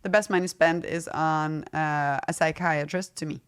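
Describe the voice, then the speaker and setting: A woman's voice: sits low, steady tone, moderate pace, smooth. A middle-aged woman speaking frankly and casually as an interview guest, laughing often as she talks. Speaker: fashion brand founder, guest.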